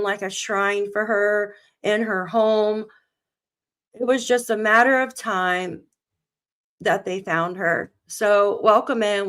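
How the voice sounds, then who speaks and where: A woman's voice: mid-range voice, smooth. A woman hosting a live true crime stream, greeting viewers by name and reading a news article aloud while close to tears. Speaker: true crime channel host.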